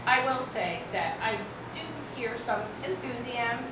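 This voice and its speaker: A woman's voice: a little high, a little slow, noisy background, close to an everyday voice. A woman playing an impatient, sarcastic prison bus driver in live improv. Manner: sarcastic, needling. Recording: echoey club from far off.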